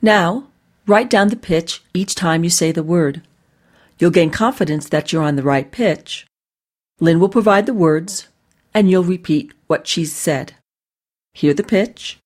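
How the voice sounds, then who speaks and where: A woman voice coach slowly modeling single words for the listener to repeat. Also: on the low side, darkish tone. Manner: slow, deliberate word-by-word modeling for repetition. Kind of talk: guided vocal exercise instruction.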